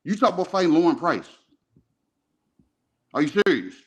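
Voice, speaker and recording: A man's voice: fairly high pitch, moderate pace. Heated, profane man arguing sports. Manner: profane, animated, repeats himself. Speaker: podcast co-host.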